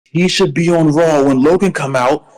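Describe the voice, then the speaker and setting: A man co-hosting a podcast in casual wrestling chat. He has a slight lisp and rambles excitedly, repeating words when worked up. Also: fairly high pitch, moderate pace, rough recording. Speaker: podcast co-host.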